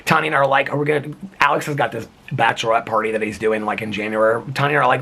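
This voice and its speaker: A man's voice: medium pitch, lively intonation, fast talker, fairly bright tone, husky. A man vlogging outdoors in the cold, talking to camera in an earnest, rambling way with lots of "like" and restarts. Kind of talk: casual reflective talk to camera.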